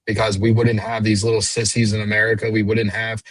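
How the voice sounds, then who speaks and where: A man's voice: lowish voice, completely flat delivery, fairly quick, no room sound, low-quality recording. A man in his late twenties, blunt and combative in a heated panel debate. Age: late 20s. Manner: blunt and combative, mocking voices. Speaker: panel guest.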